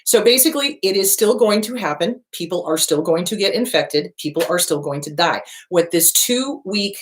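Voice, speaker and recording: A middle-aged woman hosting a show, talking in a blunt and animated way with a lot of swearing, like a casual monologue. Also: on the low side, moderate pace. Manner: blunt, profane, animated storytelling. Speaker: host.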